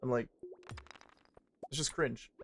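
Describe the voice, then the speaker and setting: A man's voice: mid-range voice, fairly even intonation, slow, a bit bright, a little hiss or hum. A man chatting casually on a livestream, swearing a lot and rambling in a joking way. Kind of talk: casual stream chat.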